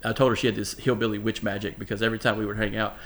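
A man's voice: fairly low pitch, flat delivery, rapid-fire, fairly bright tone. A man hosting a podcast, telling stories in casual, profane chat and laughing often. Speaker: podcast host.

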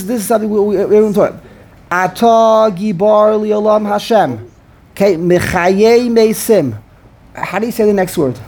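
A man teaching a student in an informal lesson. He talks in an animated way, repeats and restarts words, and slowly sounds out the words he is teaching. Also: high-pitched, slight background noise. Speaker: teacher of prayer pronunciation.

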